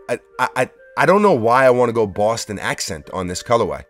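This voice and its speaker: A man's voice: mid-range voice, lively intonation, fast talker, hardly any pauses, a bit bright, faint music behind. A man hosting a casual sneaker review vlog from his workshop, talking in a laid-back, joking, rambling way. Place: workshop studio.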